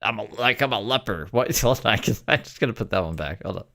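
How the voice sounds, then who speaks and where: Low-voiced male streamer, casual profane commentary, wisecracking. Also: lively intonation, fast talker, vocal fry, bright, forceful tone. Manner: joking, profane, chatty asides. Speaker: streamer reacting to clips.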